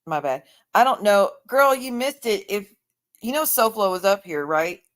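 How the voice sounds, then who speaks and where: A woman's voice: mid-range voice, lively intonation, normal speed. A woman chatting casually on her livestream, blunt, profane and openly sarcastic.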